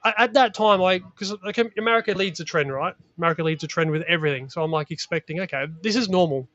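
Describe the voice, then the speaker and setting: An Australian man telling stories in casual chat as a guest, energetic and full of slang. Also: sits high, fast, dry recording, dull audio.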